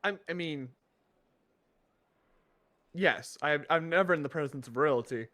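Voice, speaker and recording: A man's voice: on the high side, measured pace, sharp tone. Exasperated man playing an awkward character. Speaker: player. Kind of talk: in-character tabletop play.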